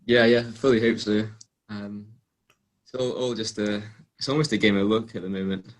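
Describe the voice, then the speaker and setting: A young man from England, a guest athlete telling stories in a relaxed, casual interview with frequent ums and restarts. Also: on the low side, normal speed. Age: young adult.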